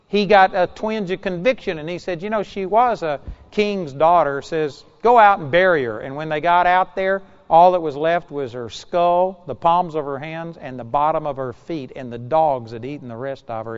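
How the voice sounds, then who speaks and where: A man delivers a sermon, reading scripture and then retelling it in his own conversational words with little asides. His voice sits a bit high for a man. The recording is muffled and lo-fi. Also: clean tone, big-room sound. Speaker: preacher.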